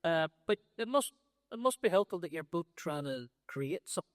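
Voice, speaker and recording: A male host putting halting, enthusiastic questions to his guests on stage. His pitch swoops up and down a lot, and the close mic keeps his voice dry. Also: animated, dry recording. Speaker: host interviewer. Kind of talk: on-stage conversation.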